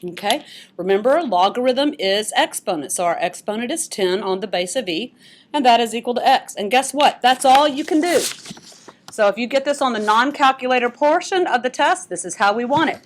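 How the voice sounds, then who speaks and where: A woman's voice: a little high, expressive, a little fast, a little hiss or hum. A woman math teacher explaining step by step, with joking asides. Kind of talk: classroom lesson.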